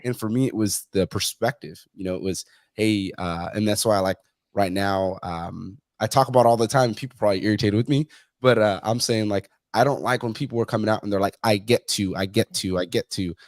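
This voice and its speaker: A man's voice: fairly low pitch, fairly quick, dry recording, studio quality. A man talking as a fitness coach in a casual interview, blunt and profane, telling stories with quoted exchanges. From Mexican heritage.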